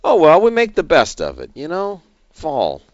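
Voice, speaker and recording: A man's voice: fairly high pitch, wildly swooping pitch, moderate pace, no room sound, lo-fi sound. A middle-aged man hosting an investment show, talking in a rambling, chatty way with fillers and chuckles. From San Diego area. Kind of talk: casual market commentary.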